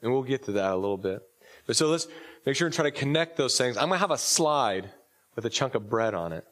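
A man's voice: mid-range voice, animated, quick pace, a bit bright. A man preaching a casual, joking sermon as a pastor at a church service, his voice slightly off while recovering, with many fillers and restarts. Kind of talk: conversational sermon.

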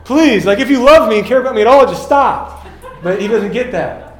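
High-voiced man preaching casually. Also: lively intonation, a little fast, echoey room. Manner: casual, storytelling, acts out quotes. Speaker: pastor. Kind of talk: sermon.

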